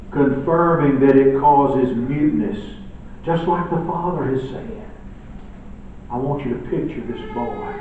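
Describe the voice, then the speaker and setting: Slow, dramatic preacher in an echoey church. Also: male voice, medium pitch, slight background noise. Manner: dramatic shifts between loud emphatic and quiet hushed delivery. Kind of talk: sermon. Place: church sanctuary. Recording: echoey church room from far off, dull.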